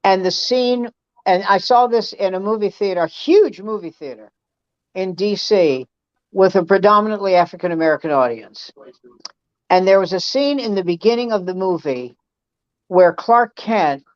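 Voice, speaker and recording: A woman comedian in casual chat, telling stories in an animated, profane way. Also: mid-range voice, moderate pace, no echo. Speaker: comedian guest. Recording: dull, dry sound.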